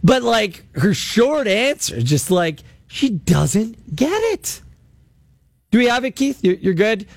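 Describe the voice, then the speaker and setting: A man's voice: sits high, big pitch swings, takes it slowly, vocal fry, no room sound. A man from Canada hosting a call-in sports radio show, ranting with emphatic sarcasm while he is losing his voice. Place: radio studio.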